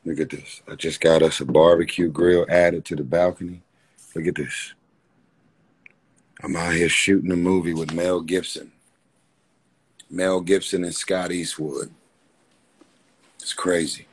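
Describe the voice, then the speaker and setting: Deep slow-talking guy going live on his phone from a hotel room, hyping up his viewers over and over. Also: level tone. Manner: fervent, repetitive, addresses viewers directly. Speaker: livestream host. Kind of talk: casual livestream talk.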